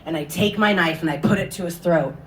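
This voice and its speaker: A woman telling a profane stand-up story, deadpan, with sudden drops to hushed asides. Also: fairly low pitch, fairly quick. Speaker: stand-up comedian. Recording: distant room sound with audible noise.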